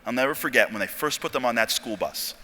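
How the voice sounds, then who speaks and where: A man giving a storytelling sermon talk at a convention, animated and jokey, acting out dialogue. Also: mid-range voice, quick pace. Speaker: speaker at a convention. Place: large convention hall. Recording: long hall reverb.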